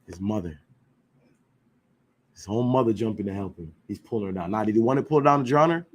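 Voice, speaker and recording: A man's voice: lowish voice, fast. Emphatic slangy man teaching a class. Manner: emphatic, rhetorical questions, slangy, keeps asking "you know what I'm saying". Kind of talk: informal scripture class lecture.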